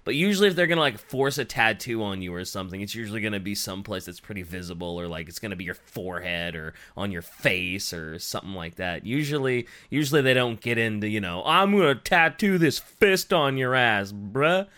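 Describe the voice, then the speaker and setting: A man's voice: on the low side, expressive, fast, hardly any pauses, a bit bright. A man co-hosting a casual podcast, joking and reacting loosely, with some swearing. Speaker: podcast co-host.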